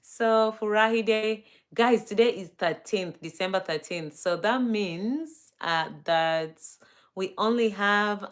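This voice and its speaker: A woman's voice: mid-range voice, slow pace. A woman hosting a casual live stream, greeting viewers by name and reading their comments aloud.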